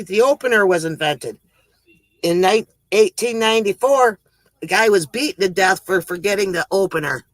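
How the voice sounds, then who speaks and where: A man's voice: sits high, a bit bright, no echo, low-quality recording. A man casually telling corny jokes on a livestream, chuckling at his own punchlines and rambling through them. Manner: rambling, self-interrupting delivery. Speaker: livestream joke teller.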